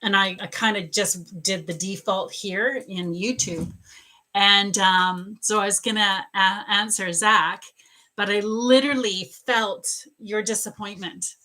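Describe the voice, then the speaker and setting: A woman psychic medium answering viewer questions in a live stream, chatty and animated, laughing often. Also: mid-range voice, measured pace, rough recording. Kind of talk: live-stream reading, casual chat.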